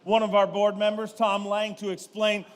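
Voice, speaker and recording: Upbeat high-voiced emcee man. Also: completely flat delivery, moderate pace, big-room sound. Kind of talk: emcee at an awards banquet.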